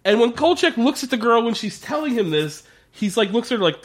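A man's voice: extremely high pitch, sing-song, a little fast. A man in casual podcast chat, recapping a TV episode with lots of swearing and laughter, acting out the characters' lines. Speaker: podcast co-host.

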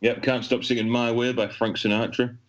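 A man, a podcast co-host telling crude jokes in casual banter with a deadpan delivery. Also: medium pitch, fairly quick. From England. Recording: dull lo-fi sound.

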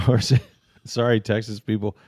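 Man, sports podcast co-host, easygoing, lowish voice, dry sound. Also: little pitch movement, moderate pace, darkish tone, no room sound. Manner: laid-back, agreeable, slangy. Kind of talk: casual sports talk.

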